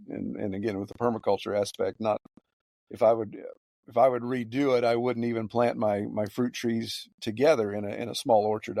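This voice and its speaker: A man, a farmer guest on a podcast, telling stories in a halting way with many repeated words. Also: fairly low pitch, gravelly, dark tone, no room sound, clean studio sound. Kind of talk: casual podcast interview.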